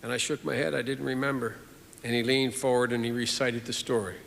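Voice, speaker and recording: A man in his sixties giving a formal eulogy in a measured, earnest way with repeated phrases, in a large hall at a funeral. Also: mid-range voice, little pitch movement, creaky, fairly bright tone. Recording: reverberant hall.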